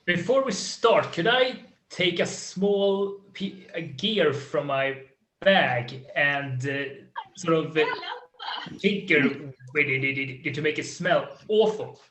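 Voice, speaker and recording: A man's voice: on the high side, expressive, slow pace, a bit bright, reverberant, slight background noise. A man playing in a tabletop game, hesitant and stumbling over his words. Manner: hesitant, with many fillers and restarts. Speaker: player. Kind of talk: tabletop role-play.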